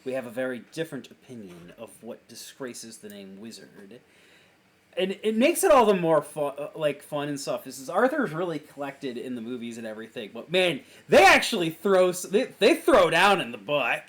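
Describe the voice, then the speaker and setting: A man's voice: on the high side, big pitch swings, normal speed, fairly bright tone. A man co-hosting a casual podcast chat, rambling and trailing off mid-sentence, laughing often. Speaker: podcast co-host.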